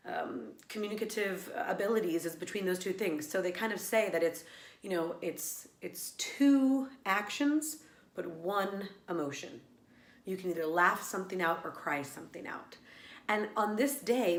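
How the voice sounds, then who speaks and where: A woman's voice: mid-range voice, reverberant. A woman who teaches laughter yoga, talking earnestly and reflectively in a personal vlog, with many fillers and restarts.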